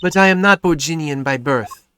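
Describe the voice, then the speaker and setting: A man voicing a calm, composed female singer in a game, using a put-on vague European accent and speaking formally. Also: fairly high pitch, normal speed, a little hiss or hum, voice pushed up. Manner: formal and polite.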